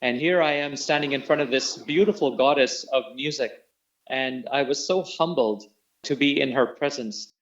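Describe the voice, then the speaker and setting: Man telling an animated story, lo-fi sound. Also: medium pitch, moderate pace. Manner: animated storyteller who acts out quoted voices. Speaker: interview guest, tabla player and singer. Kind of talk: storytelling in an interview.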